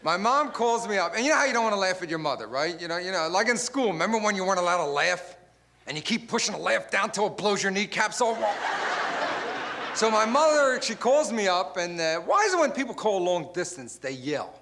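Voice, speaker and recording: A man doing a stand-up comedy routine on a live television stage, acting out bits in loud put-on voices. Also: high voice, big pitch swings, fairly quick. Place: live television stage before a studio audience. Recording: noisy live broadcast with crowd laughter. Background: audience laughter.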